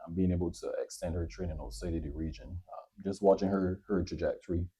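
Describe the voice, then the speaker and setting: A man from Barbados, a surgeon, answering interview questions in a measured, thoughtful way with frequent pauses and fillers. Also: sits low, steady tone, crowd noise. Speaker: surgeon, guest. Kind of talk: conversational interview.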